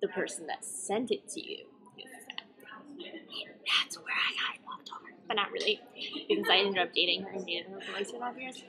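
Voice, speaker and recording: A woman's voice: medium pitch, fast talker, sharp tone. A young woman vlogging, telling a story in a dry, laid-back way. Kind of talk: casual storytelling.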